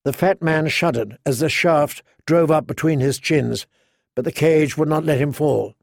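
A man narrating an audiobook in a measured, unhurried, vivid way. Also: on the high side, vocal fry, darkish tone, dry recording, studio quality. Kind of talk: scripted narration.

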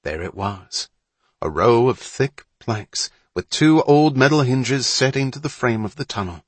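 A man narrating a story in a measured, suspenseful reading. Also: medium pitch, animated, slightly rough, no echo. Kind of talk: audiobook narration.

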